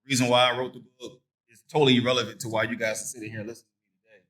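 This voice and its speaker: A man's voice: medium pitch, flat delivery, very fast, fairly bright tone. Casual crowd-engaging male speaker. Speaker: guest speaker and author. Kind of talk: motivational talk to men. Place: conference hall with an audience.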